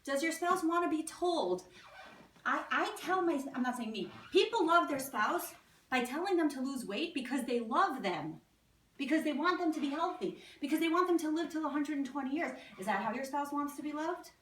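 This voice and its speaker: A woman's voice: high-pitched, animated, normal speed, slight background noise. A woman giving a talk to a live audience as a guest speaker, often asking the crowd questions. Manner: engaging, asks the audience questions. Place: event hall with audience. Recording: echoey hall, distant mic.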